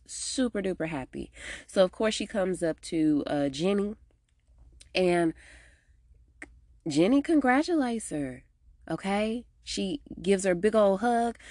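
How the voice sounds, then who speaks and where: A woman hosting a podcast, casually recapping a TV episode in a slangy, animated way and acting out the characters' lines. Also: no echo, clean studio sound. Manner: animated, slangy, acts out characters' lines with big pitch jumps.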